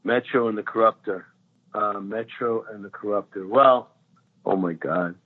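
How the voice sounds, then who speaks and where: A man's voice: on the low side, moderate pace. A man telling stories over a phone line. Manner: animated storyteller, laughs often. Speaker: actor guest. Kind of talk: casual anecdotes.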